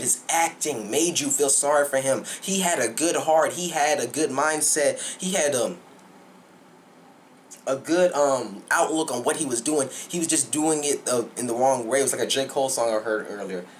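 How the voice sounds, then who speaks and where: A man's voice: medium pitch, slight background noise. Young guy reviewing a film, hyped and rambling, circles back to the same points. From Southern United States. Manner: excited, rambling, repeats himself. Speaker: movie reviewer. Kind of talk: casual movie review.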